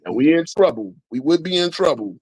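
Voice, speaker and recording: A man co-hosting a live sports watch-along, chatting casually and getting excited when plays go wrong. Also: brisk, husky, no room sound, low-quality recording. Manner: excitable, jumps up in pitch when frustrated. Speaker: live stream co-host.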